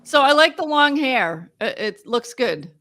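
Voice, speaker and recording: A woman's voice: high-pitched, very animated, measured pace, bright, forceful tone. A woman guest on a video call, chatting in a friendly, joking way. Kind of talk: casual chat on a video call.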